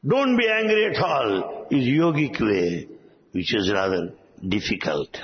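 A man's voice: medium pitch, very animated, a little slow. A man giving a spoken talk as a spiritual teacher, emphatic and full of rhetorical questions. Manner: emphatic, rhetorical questions, acts out quoted voices. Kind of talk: spoken talk on yoga and Tantra. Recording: dull lo-fi recording with long reverb.

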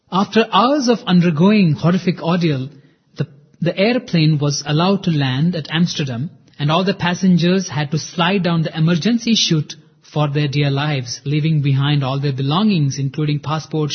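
A man's voice: on the high side, husky. A man narrating a devotional story in an earnest, dramatic way, reading quotes in the first person. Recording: muffled lo-fi recording.

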